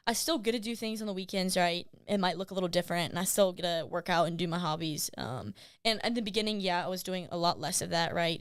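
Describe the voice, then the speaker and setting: A woman, a business-owner guest answering interview questions in a relaxed, upbeat way. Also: fairly low pitch, dry recording, studio quality. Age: 20s. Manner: relaxed, upbeat, lots of "um" and "right?".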